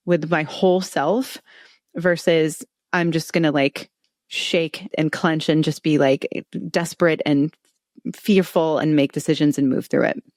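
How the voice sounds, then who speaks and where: Low-voiced animated woman guest. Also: dry recording, studio quality. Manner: animated, laughs often, acts out quotes. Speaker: guest expert on retail stress. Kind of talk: podcast interview.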